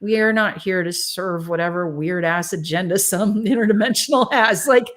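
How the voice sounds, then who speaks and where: A woman's voice: lowish voice, moderate pace. A woman guest in a casual interview, speaking frankly and animatedly and laughing often. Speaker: guest, spiritual channeler.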